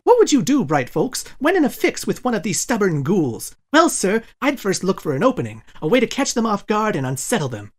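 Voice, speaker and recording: A man's voice: high voice, huge pitch swings, a little fast, few pauses, exaggerated voice. A man voicing a folksy, boastful ghost-hunting guide writer, reading the guide's advice aloud.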